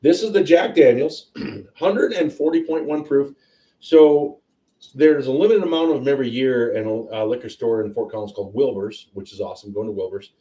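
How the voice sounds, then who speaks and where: Rambly guy hosting a whiskey tasting stream, mellow low voice, kinda far from the mic. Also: moderate pace. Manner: chatty, rambling, excitable. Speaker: host of a whiskey tasting livestream. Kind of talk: casual tasting chat. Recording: roomy sound, a bit off-mic.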